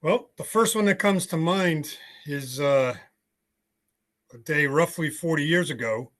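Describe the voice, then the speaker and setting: An older American man speaks on a video call in a blunt, conversational way, pausing on fillers as he recounts his past. His voice sits a little high for a man. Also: a bit bright. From United States. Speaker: podcast guest. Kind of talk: storytelling interview.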